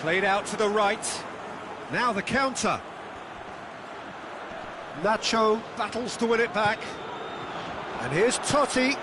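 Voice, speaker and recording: A man calling a football match as play-by-play commentator in a video game, excitable and building to shouts. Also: sits high, slow pace, pauses often, heavy background noise. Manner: excitable, rising to shouts at goals. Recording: game audio over loud stadium crowd.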